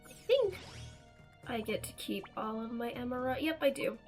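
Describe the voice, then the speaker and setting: A woman streaming a video game, giving relaxed, quiet asides in casual let's-play commentary. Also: on the high side, moderate pace, soft background music.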